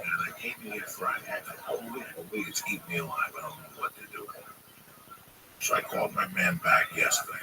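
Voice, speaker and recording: A middle-aged man telling long, profane, rambling stories to friends in a casual livestream. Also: low-pitched. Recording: distant mic with loud background noise.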